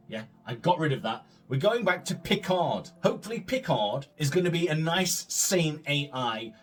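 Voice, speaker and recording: A man hosting a gaming video, reading a story aloud and ranting about it in sweary, disbelieving asides. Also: a little high. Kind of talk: casual let's-play commentary and reading aloud.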